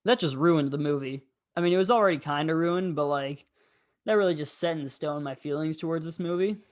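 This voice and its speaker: A man's voice: a little high, a little fast. A man hosting a casual film review, talking in a rambling, candid way with frequent fillers.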